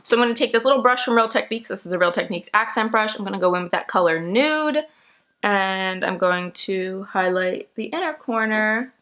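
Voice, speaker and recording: A woman's voice: medium pitch, expressive, fairly quick, fairly bright tone. A young woman chatting her way through a makeup tutorial at home, explaining each step casually and laughing easily. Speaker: makeup vlogger.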